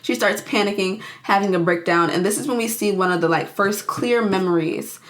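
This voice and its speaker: Brief: young woman vlogger, chatty, expressive, jokey movie recap. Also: medium pitch, a little fast. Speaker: youtuber.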